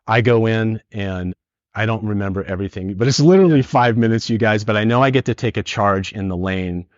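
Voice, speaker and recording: A middle-aged man from San Francisco, a podcast guest, telling a personal story in an earnest, animated way. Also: lowish voice, a little fast, no room sound. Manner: earnest, animated retelling with acted quotes. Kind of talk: emotional storytelling. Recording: dull lo-fi dry podcast audio.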